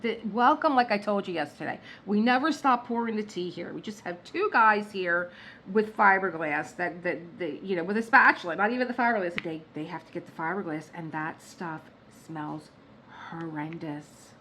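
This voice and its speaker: A woman vlogging from her home workspace, telling stories in a chatty, animated way and laughing at her own jokes. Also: lowish voice, moderate pace, a little hiss or hum, poor audio. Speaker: diamond painting vlogger. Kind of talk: casual storytelling chat.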